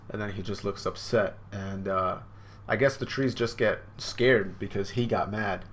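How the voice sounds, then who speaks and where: A man's voice: lowish voice, steady tone, moderate pace, a bit bright, a little hiss or hum. A man hosting a live manga reaction, rambling and unsure, with lots of fillers.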